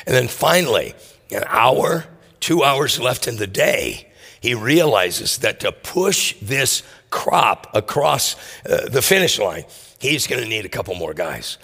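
A man preaching a sermon, telling a parable in an animated way and acting out the characters' voices. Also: mid-range voice, vocal fry, breathy edge, long reverb tail. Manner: animated storytelling, acts out voices. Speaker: pastor.

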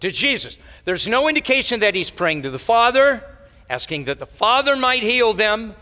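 A man preaching a verse-by-verse sermon, his voice somewhat high and bright. He hesitates often on filler sounds and restarts, and he poses rhetorical questions to the listeners. A long hall reverb follows each phrase, as in a large church hall. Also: very animated. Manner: halting, many filler words and restarts. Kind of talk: expository sermon.

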